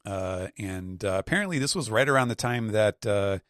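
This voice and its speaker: A man on a podcast panel chats casually and describes things in a rambling way, with plenty of "uh"s and "like"s. His voice sits on the low side. The sound is dry and close, with no room echo. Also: lively intonation, normal speed, fairly bright tone. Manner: rambling, filler-heavy description with acted quotes. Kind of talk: casual chat.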